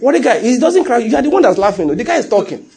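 A middle-aged man preaching a sermon, telling stories with animated quoted voices and frequent laughs. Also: very high voice, fast. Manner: animated storytelling, laughs often, acts out quotes. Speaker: pastor.

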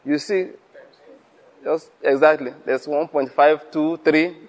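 A male pastor delivers a teaching sermon in a fairly high voice. He keeps it conversational, slipping in chuckles and rhetorical questions to check that listeners follow. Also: fairly even intonation, slow pace.

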